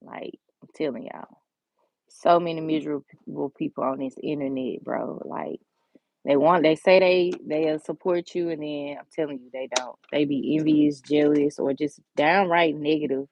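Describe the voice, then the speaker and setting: A woman hosting a nail art tutorial, chatting casually and encouraging viewers, sometimes dropping to a soft whisper while she works. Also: low voice, moderate pace, vocal fry, no room sound. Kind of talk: casual step-by-step tutorial chat.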